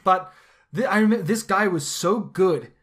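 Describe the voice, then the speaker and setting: A podcast host chatting casually in an excitable, rambling way, often restarting and repeating words mid-sentence. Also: medium pitch, normal speed.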